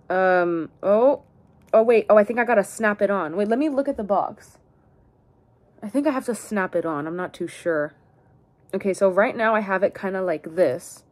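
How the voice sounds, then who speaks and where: A woman's voice: mid-range voice, darkish tone. Bubbly young woman in cutesy baby talk. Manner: bubbly, cutesy baby talk, swings between squeals and mumbles. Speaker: unboxing vlogger. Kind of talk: casual unboxing chat.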